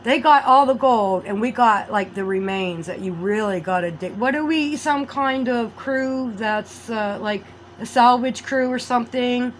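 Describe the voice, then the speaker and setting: Woman, rambling vlog monologue, loud outbursts then low mutters, faint hiss behind. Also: a little slow, hardly any pauses, low-quality recording. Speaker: vlogger.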